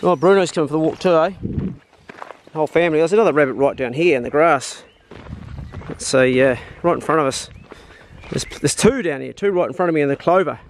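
A man's voice: on the high side, a little fast, slight background noise. A man filming himself on a farm, giving casual hunting commentary, swearing freely and talking to his dog. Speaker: hunting vlogger. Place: outdoors on a farm.

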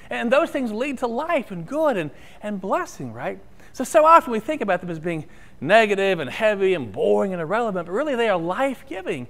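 Lively high-pitched male pastor preaching. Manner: storytelling, rising and falling, ends in prayer. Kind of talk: sermon. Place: church sanctuary.

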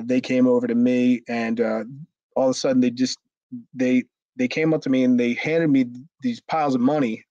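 This is a middle-aged man with a medium-pitched, darkish voice and no echo around it. A former pro wrestler, he tells an interview story in a relaxed way, swearing openly and acting out the people in it. The sound is dry, slightly dull lo-fi.

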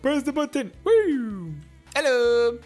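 Cartoon piglet girl, voiced by a woman: very high, squeaky, stammers with excitement, soft game music behind. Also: slow pace, full character voice. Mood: urgent. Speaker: gameplay narrator. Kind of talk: gameplay commentary in character. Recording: game music playing underneath.

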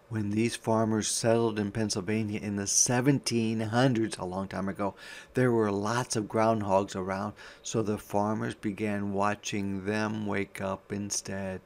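A man's voice: lowish voice, vocal fry. A male teacher giving an interactive read-aloud for young children, asking questions and answering his own prompts.

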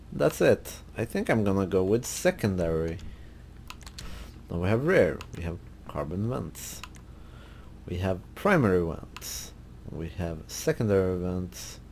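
A man hosting a gaming video, relaxed and thinking aloud as he browses car parts in casual commentary. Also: low-pitched, slight background noise. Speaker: gaming channel host.

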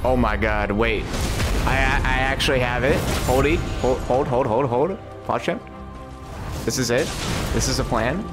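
A young man streaming gameplay, commenting live with lots of swearing and sudden high-pitched outbursts of frustration. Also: moderate pace, loud music behind the voice. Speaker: game streamer.

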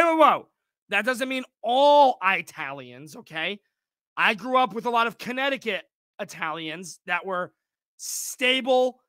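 A man reacting to video clips, talking loudly, swearing and mocking what he watches. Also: no echo, clean studio sound. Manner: loud, swearing, mocking, jumps in pitch. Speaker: reaction streamer. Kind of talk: profane reaction commentary.

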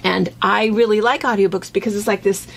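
A woman's voice: mid-range voice, steady tone, a little fast, gravelly, slight background noise. A woman hosting a casual chat, talking in a rambling way with restarts. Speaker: host. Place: fabric shop.

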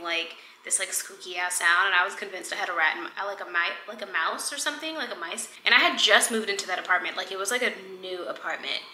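A woman's voice: lowish voice, bright, forceful tone, slight background noise. A woman casually chatting and rambling playfully as she makes tea at home for her vlog. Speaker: lifestyle vlogger. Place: home kitchen, indoors. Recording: roomy home echo with background music. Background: music playing.

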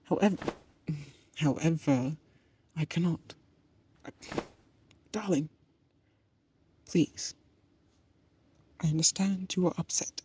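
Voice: medium pitch, slow, pauses often, a little mellow, a little hiss or hum, lightly acted. A voice actor in an audio role-play, playing a patient, teasing partner who calls the listener darling.

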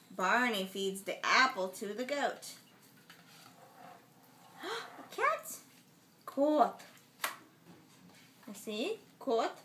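A woman with a mother tongue reading a picture book aloud to her baby at home, making the animal sounds in a slow, sing-song way. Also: medium pitch, bright, forceful tone.

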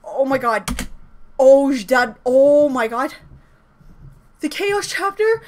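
A woman giving an excited fan reaction, gushing and swearing, with sudden jumps in her voice. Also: sits high, slow. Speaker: reaction video host.

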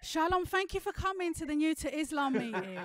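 A woman's voice: high voice, sing-song, a little fast, very noisy. A young woman performing a cheeky, chatty stand-up comedy set with punchy delivery. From London. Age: young adult. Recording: laughter from a virtual audience.

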